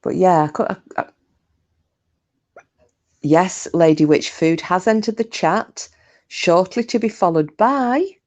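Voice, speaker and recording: A woman's voice: fairly low pitch, slow pace, pauses often, darkish tone. A woman chatting casually with her live stream viewers, talkative and self-mocking, swearing freely.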